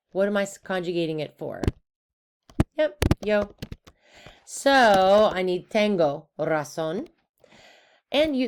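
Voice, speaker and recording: A woman's voice: medium pitch, slight background noise. A woman teaching a recorded Spanish lesson in an upbeat, playful way, asking questions and answering them herself.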